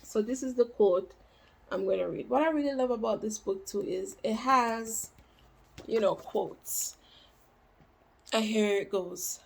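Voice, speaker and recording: Woman, vlogger, casual book chat, slightly high voice, slow drawn-out pace, repeats quotes louder. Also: vocal fry, slightly rough. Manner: chatty, repeats quotes with rising emphasis. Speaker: vlogger reviewing books. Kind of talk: casual book talk to camera.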